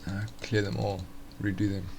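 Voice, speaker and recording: A man's voice: on the low side, flat delivery, normal speed, gravelly, background noise. A man casually walking through forex charts on a live stream, thinking aloud with fillers and restarts.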